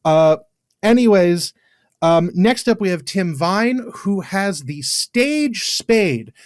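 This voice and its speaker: A man's voice: high voice, lively intonation, no room sound. Blunt English man, dry close sound. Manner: blunt, swears freely, quick to dismiss. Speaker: podcast co-host. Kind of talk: casual chat.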